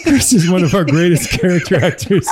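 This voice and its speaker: A man's voice: sits high, sing-song, fairly quick, a crowd in the background. A man chatting casually as a comedy podcast guest, earnest and self-deprecating.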